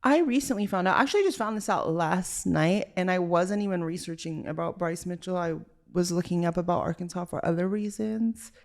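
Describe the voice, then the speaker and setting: Chatty young woman with a gravelly voice. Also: lowish voice, brisk, few pauses. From Los Angeles, Southern California. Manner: chatty, valley-girl style with many "like" fillers. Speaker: podcast host. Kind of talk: casual solo podcast chat.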